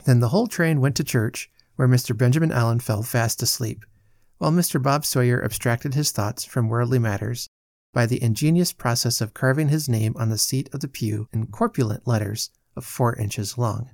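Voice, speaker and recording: A podcast host reading a classic novel aloud in a measured, clear storytelling manner. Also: male voice, medium pitch, a little mellow, no echo, clean studio sound.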